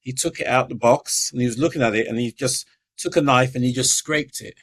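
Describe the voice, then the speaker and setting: A man's voice: medium pitch, a little fast, breathy edge. A middle-aged man, a podcast guest telling his life story and acting out the voices of the people in it. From England.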